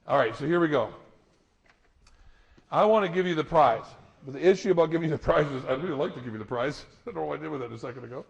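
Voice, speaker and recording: A middle-aged man speaks to an audience as a motivational speaker, his voice sitting a little high. He tells stories with animation and laughs along with them. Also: fast talker, vocal fry, muffled recording. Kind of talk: live talk to an audience.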